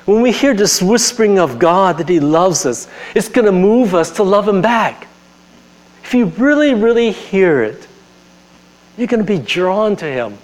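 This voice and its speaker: Earnest man preaching, soft hushed turns. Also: sits high, poor audio. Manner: earnest, drops to a soft hush on tender lines; conversational asides, repeats phrases. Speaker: pastor. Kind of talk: sermon.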